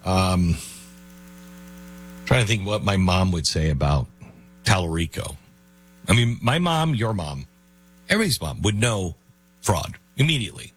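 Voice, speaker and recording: Animated low-voiced male radio host. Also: unhurried, long pauses, slightly rough. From United States. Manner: mocking, animated, jumps between bits. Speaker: radio talk show host. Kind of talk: casual radio talk with read ad.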